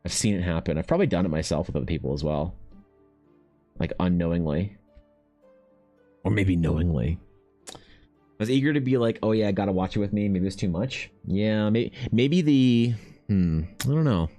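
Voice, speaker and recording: Low-voiced man rambling on stream. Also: lively intonation, dark tone, soft background music. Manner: rambling, profane, mimics others in quick high voices. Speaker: artist streaming while painting. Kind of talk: casual stream chat.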